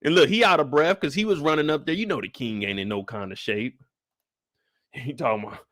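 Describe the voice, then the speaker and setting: A young man, hosting a casual live show recap and acting out the characters as he talks. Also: fairly high pitch. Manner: animated storytelling, acts out characters in quick voice switches.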